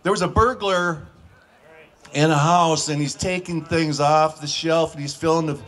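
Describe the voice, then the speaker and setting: A man telling short stand-up jokes in a folksy way, with filler pauses and restarts. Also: fairly high pitch, steady tone, fairly bright tone. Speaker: comedian.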